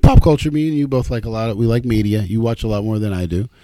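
A man's voice: fairly low pitch, fast talker, no echo. A man hosting a casual comedy podcast, jokey and ranting. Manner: animated, jokey, rants. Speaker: podcast host.

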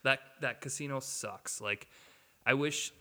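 Minnesota guy ranting a story on a podcast, bright edgy voice, lots of reverb. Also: mid-range voice, unhurried. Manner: animated storyteller who acts out quotes, swears. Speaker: podcast co-host. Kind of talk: casual chat, storytelling.

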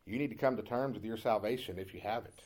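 A man preaching a sermon as pastor, moving from calm, conversational storytelling into loud, impassioned preaching. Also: on the low side, fast.

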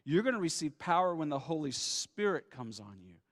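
High-voiced man preaching in a hall. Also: moderate pace. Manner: animated, conversational preaching with acted-out asides. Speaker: pastor. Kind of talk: sermon.

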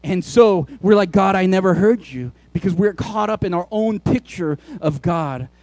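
High-voiced man preaching animatedly. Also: moderate pace, no room sound. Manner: animated, conversational preaching with playful asides. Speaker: pastor. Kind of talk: sermon.

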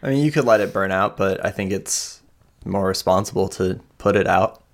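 A man narrating as game master for a tabletop role-playing game, relaxed and casual with frequent hesitations. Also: sits low, normal speed.

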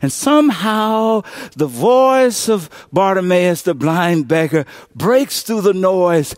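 A man in his fifties preaching a sermon as pastor, building to shouted call-and-response. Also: high-pitched, dry recording. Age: 50s.

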